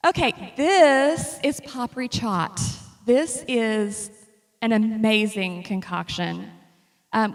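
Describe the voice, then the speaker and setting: A woman giving a casual, humorous talk about her travel slides to an audience. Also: medium pitch. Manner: chatty and humorous, lively storytelling. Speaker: speaker presenting travel slides. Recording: long reverb of a hall.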